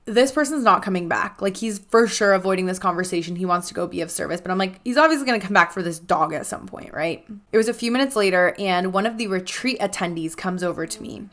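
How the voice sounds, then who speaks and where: A young adult woman hosting a podcast, telling a personal story in a casual, animated way and acting out the dialogue with lots of "like.". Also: medium pitch, fast, few pauses. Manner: animated, acts out quoted dialogue, frequent "like". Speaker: podcast host.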